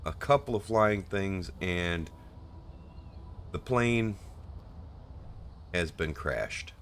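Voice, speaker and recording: Very deep-voiced man narrating gameplay. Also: very slow, a little hiss or hum. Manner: relaxed, trailing off with fillers. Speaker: streamer playing a co-op game. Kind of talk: casual gameplay commentary.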